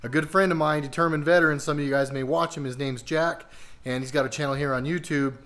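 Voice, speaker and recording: A man's voice: fairly high pitch, steady tone, fast, fairly bright tone. A man hosting his own car vlog, talking casually and rambling a little with many fillers, walking through prep in his garage. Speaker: car vlogger. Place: home garage.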